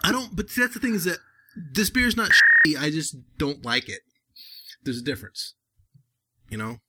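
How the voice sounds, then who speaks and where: A man hosting a casual podcast, rambling and halting with fillers while fighting a cold. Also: a little high, sing-song, heavy background noise. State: has a cold. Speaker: podcast host reviewing beer. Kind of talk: casual chat.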